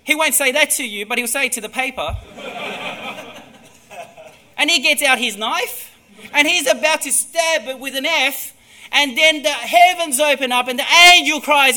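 A man preaching a sermon with emphatic delivery that moves between hushed and loud. His voice sits high and has a very bright, sharp edge. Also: moderate pace.

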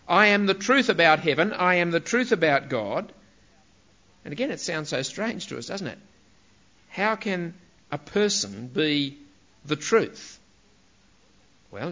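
Emphatic male preacher, slightly high, animated pitch; dull lo-fi recording. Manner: emphatic, rhetorical questions, stressing key words. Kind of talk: sermon.

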